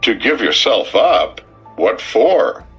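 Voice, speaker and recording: A man's voice: lowish voice, sing-song, takes it slowly, fairly bright tone, breathy edge, voice pushed up, full character voice. A male narrator voicing a shaken sheriff who stammers and breaks off as he speaks. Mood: stern. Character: shaken middle-aged sheriff, distraught and faltering. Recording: dull, muffled recording with faint music.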